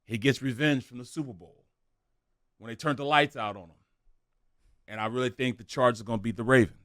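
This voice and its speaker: A man raised in St. Louis, co-hosting a sports talk show in a loose, chatty way and quick to laugh. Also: medium pitch, fairly even intonation, a bit bright, dry recording, studio quality. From St. Louis, USA. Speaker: sports radio co-host.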